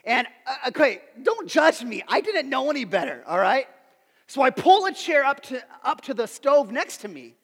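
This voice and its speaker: A man's voice: extremely high pitch, big pitch swings, moderate pace, a bit bright, husky, big-room sound. A man in his thirties preaching a sermon, telling self-deprecating stories and putting questions to his audience. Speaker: pastor.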